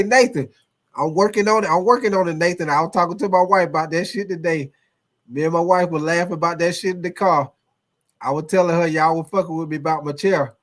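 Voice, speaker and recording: A man hosting a casual sports livestream, reading chat comments aloud in a loose, repetitive way, swearing and laughing often. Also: on the high side.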